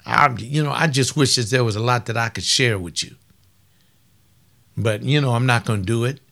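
A man's voice: medium pitch, normal speed, creaky, fairly bright tone. An older man preaching informally on a webcast, folksy and emphatic, repeating lines for stress.

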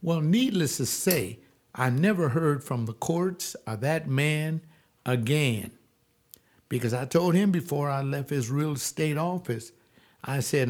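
A man's voice: a little high, lively intonation. Emphatic pastor telling his testimony. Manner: emphatic, stretching key words slowly. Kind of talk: sermon-like personal testimony.

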